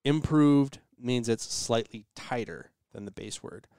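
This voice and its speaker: Guy on a podcast walking through the details, mid-pitched smooth voice, dry close mic. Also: measured pace, a little mellow, dry recording. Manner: explanatory, lots of agreeing murmurs. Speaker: podcast guest. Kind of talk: casual chat.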